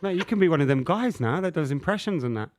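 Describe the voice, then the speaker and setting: A man's voice: fairly high pitch, lively intonation, quick pace, very noisy. A man co-hosting a live stream, blunt and opinionated in casual chat. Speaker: podcast co-host.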